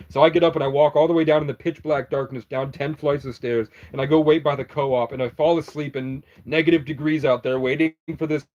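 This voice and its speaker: A man with a fairly high voice rambles through a livestream, answering chat and swearing freely. He tells long, meandering stories in loose, casual speech. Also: fairly even intonation, fairly quick, hardly any pauses, a little mellow, dull audio.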